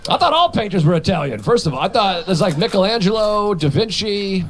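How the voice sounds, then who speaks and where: A man doing a stand-up comedy routine, rambling and self-mocking, with crude jokes and quick voiced asides. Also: high voice, very animated, fairly bright tone.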